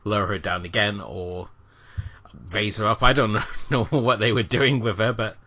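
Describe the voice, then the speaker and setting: A man co-hosting a podcast in casual chat, his voice low-pitched yet bright and forceful. He thinks aloud, tossing in quick asides as he goes. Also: fairly even intonation, muffled recording.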